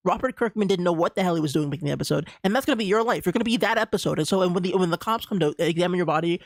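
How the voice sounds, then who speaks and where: Give me a high-voiced young streamer rambling goofy threats over gameplay. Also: male voice, racing, no room sound. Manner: rambling, goofy mock threats, repeats phrases. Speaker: game streamer. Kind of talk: live gameplay commentary.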